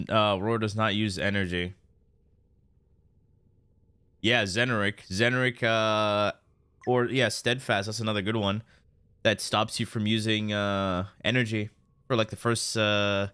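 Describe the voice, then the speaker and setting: Playing a game on stream, this man talks to his audience in an unhurried drawl, joking loosely and often starting over, with plenty of "guys." His medium-pitched voice sounds sharp, smooth, and dry, recorded close to the mic with no room sound.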